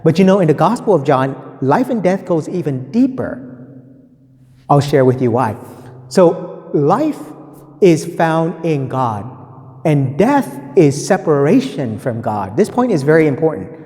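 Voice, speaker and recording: A man's voice: a little high, very animated, measured pace, a little mellow, in a large hall. A man giving a conversational reflection on a gospel reading, often checking in with "right?" and repeating his key points. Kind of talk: teaching reflection on scripture.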